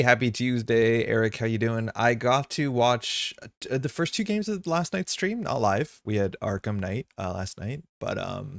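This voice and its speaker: A man hosts a live card game stream, chatting casually and rambling with viewers, using plenty of fillers and greeting chat with sudden, upbeat jumps in pitch. His voice has vocal fry, and the studio-quality sound has no echo.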